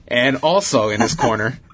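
A man's voice: mid-range voice, background noise. A man hosting a casual talk show, recapping an old fight in detail with frequent fillers.

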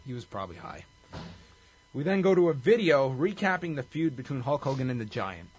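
Husky guy on a podcast walking through a recap, pretty detailed. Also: mid-range voice, sing-song, a little fast. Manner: recaps events in detail, briefly acts out quotes. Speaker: podcast host. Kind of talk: casual chat.

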